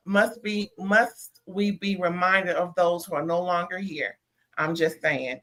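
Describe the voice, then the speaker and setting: A woman's voice: medium pitch, fairly bright tone. A woman hosting a live show, reviewing a reality TV episode in casual, emphatic chat and talking straight to her viewers. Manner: emphatic, talks to viewers as "y'all". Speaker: host.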